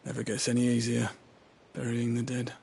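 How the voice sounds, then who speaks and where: World-weary gravedigger, gravelly and flat, faint rumble behind. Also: male voice, moderate pace. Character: weary older gravedigger, a servant who buries the dead. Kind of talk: video game voice acting.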